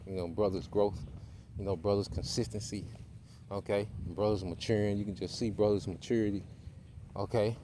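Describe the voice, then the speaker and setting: A man giving an informal sermon to a group of brothers, tagging his points with "man" and "okay?". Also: fairly low pitch. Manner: casual preaching, tags lines with "man" and "okay". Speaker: teacher of a Bible study group. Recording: loud background noise.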